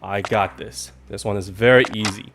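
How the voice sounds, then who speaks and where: A man's voice: fairly low pitch, steady tone, moderate pace, noisy background. A man streaming a game live, chatting in a rambling way with sudden jumpy outbursts when startled. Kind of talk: casual live gaming commentary.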